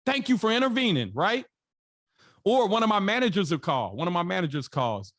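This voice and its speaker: A man's voice: high-pitched, very animated, brisk, fairly bright tone. An American man, a podcast guest and investor, telling stories in a colloquial, emphatic way that repeats phrases for emphasis. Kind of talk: storytelling in an interview.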